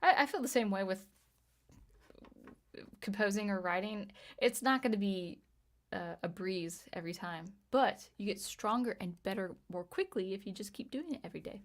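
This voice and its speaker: A woman in her thirties chatting casually on a livestream as she reads viewer comments, talking in a halting way with frequent restarts. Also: mid-range voice. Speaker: livestream host, music teacher and composer.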